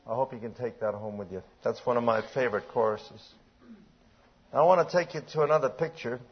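Older preacher guy reading scripture, clears his throat a lot, kinda muffled old recording. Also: mid-range voice, a little fast, a little hiss or hum. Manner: reads old-style scripture aloud, swings between hushed and emphatic. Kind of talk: sermon. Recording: dull lo-fi recording.

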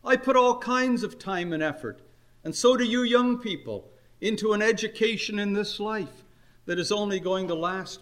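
An older man preaching a sermon, earnest and unhurried, his voice climbing on emphatic questions. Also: high-pitched, fairly bright tone. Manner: earnest, slow exhortation with rising emphatic questions.

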